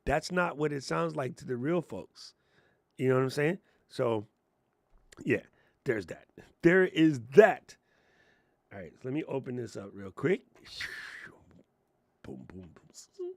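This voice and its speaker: Here the same kind of casual streamed tech tutorial is delivered by a man with an expressive, medium-pitched, somewhat creaky voice, speaking at a measured pace and pausing often. He goes from sarcastic, jokey ranting with put-on mocking voices to laid-back muttering as he operates his computer. Picked up on a chest lapel mic, the sound is clean and studio-like with no room noise.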